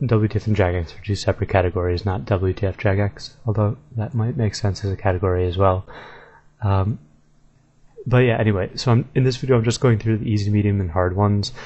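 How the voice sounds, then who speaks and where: A man's voice: lowish voice, dark tone, muffled recording. A man talking casually to his viewers, easygoing and thinking aloud with fillers and self-corrections. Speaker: video creator. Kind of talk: casual commentary video.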